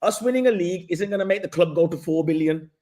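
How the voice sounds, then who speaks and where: A man's voice: high-pitched, fast, mellow. A man, a guest on a football chat show, pressing his argument and cutting in to hold his ground. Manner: persistent, interrupts to press his point. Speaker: guest pundit. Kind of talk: casual football debate.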